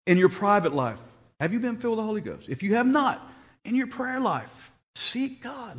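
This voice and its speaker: A man preaching a sermon, telling stories and rising to excited shouts when he quotes people. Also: high voice, normal speed. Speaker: pastor.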